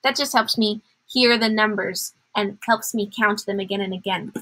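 A woman's voice: mid-range voice, fairly even intonation, normal speed, bright, forceful tone, poor audio. A woman teacher giving a patient math lesson to young children, counting aloud in a sing-song way.

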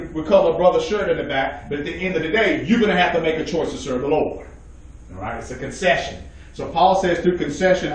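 A man preaches at a men's Bible study, emphatic and calling out to his listeners. His voice sits high. He is heard from a distance in a strongly echoing room. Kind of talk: sermon. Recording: very echoey room, mic far off.

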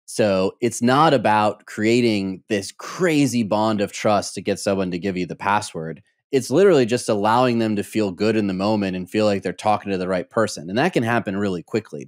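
A man hosting a podcast interview, reflecting on what the guest said and asking measured follow-up questions. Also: fairly low pitch, no echo, studio quality. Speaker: podcast host. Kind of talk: interview conversation.

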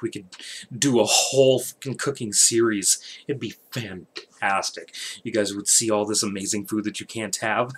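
A man talks to his viewers late at night, wandering from topic to topic. He jokes and swears freely in a relaxed, offhand way. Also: fairly low pitch, husky. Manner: rambling, profane, joking. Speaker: channel host. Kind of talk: rambling late-night channel update.

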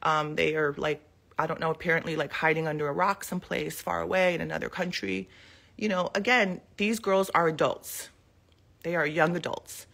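Bright, husky-voiced woman, emotional. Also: low voice, steady tone, normal speed. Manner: emotional, defensive, rambling with many fillers. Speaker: mother addressing the public. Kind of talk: casual live video statement. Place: living room at home.

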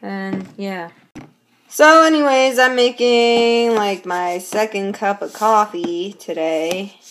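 A woman's voice: medium pitch, takes it slowly, fairly bright tone, slight background noise. A young adult woman chatting to the camera in a casual vlog, rambling with lots of fillers. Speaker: vlogger.

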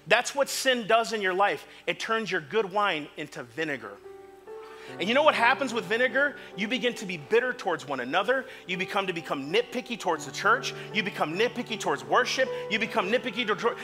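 High-voiced impassioned male preacher. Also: animated, a little fast, faint music behind. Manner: impassioned, swings from quiet to shouting. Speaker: pastor. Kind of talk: sermon. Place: church sanctuary.

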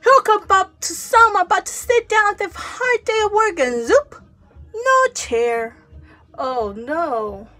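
A woman telling a children's story aloud, acting out sound effects and character voices with lively expression. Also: very high-pitched, unhurried, soft background music.

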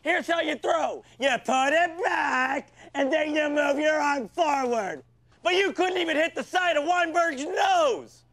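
A man playing a foul-mouthed, hot-tempered football coach in a comedy sketch, yelling insults at his players. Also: very high-pitched, a little slow, exaggerated voice. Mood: ranting.

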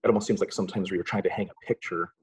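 Low, very husky-voiced man presenting. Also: steady tone, very fast, rough recording. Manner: chatty, with many filler sounds and dry sarcastic asides. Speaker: college English instructor presenting a webinar. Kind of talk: casual webinar presentation.

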